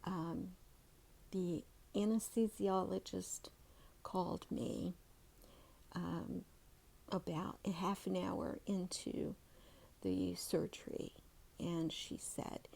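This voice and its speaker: A middle-aged woman softly telling a personal story, halting with many ums, then reading from her journal. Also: lowish voice, fairly even intonation, creaky. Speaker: channel host telling a family story. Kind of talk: soft-spoken whispered storytelling.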